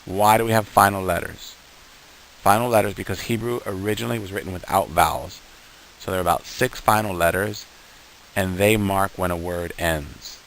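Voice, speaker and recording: A man teaching beginners, patient and slow, sounding out each syllable and repeating words for the learner to copy. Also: sits low, steady tone, a bit bright, a little hiss or hum, rough recording. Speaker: Hebrew teacher. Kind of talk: beginner language lesson.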